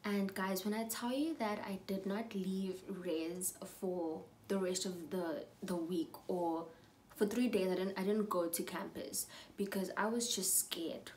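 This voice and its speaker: A young woman telling a storytime while getting ready, chatty and animated, sometimes dropping to a whisper. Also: medium pitch, a little slow, slight background noise. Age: young adult. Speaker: vlogger.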